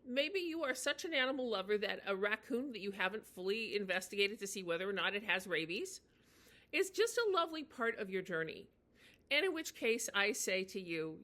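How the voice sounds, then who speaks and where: A woman teaching in a chatty, unscripted way, with many fillers and restarts, slowing down to model phrases. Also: mid-range voice, pushed and bright. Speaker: language teacher. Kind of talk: casual spoken lesson.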